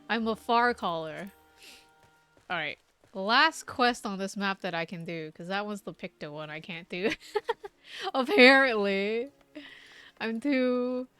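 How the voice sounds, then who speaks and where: Giggly young woman gaming streamer, casual and self-mocking, bright tone. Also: medium pitch, animated, takes it slowly, long pauses, clear, resonant tone, dry recording, faint music behind. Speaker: game streamer.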